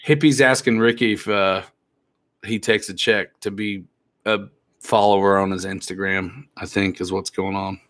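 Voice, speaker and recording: A man hosts a live stream in a laid-back, joking way, reading viewer comments aloud and teasing the chat. His voice is on the low side and fairly bright, with fairly even intonation and a normal speed.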